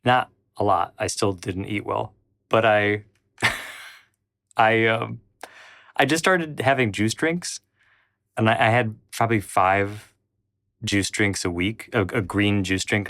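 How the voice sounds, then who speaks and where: A man's voice: fairly low pitch, fairly bright tone, no echo, clean studio sound. A man telling a personal story, rambling with frequent restarts and acting out what people said. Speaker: channel host.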